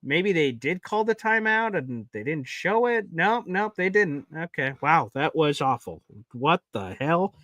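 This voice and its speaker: A man's voice: on the high side, big pitch swings, a little slow, few pauses, a bit bright, no echo. A man hosting a live watch party stream, calling play-by-play and getting exasperated at bad plays.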